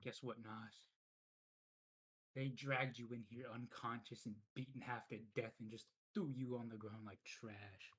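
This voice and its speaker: A man's voice: medium pitch, flat delivery, unhurried, fairly bright tone, husky, poor audio. A man voicing a bitter, fervent male kobold agitator who talks in an urgent, preachy way, for a tabletop game. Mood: persuading. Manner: preachy, urgent, repeats himself.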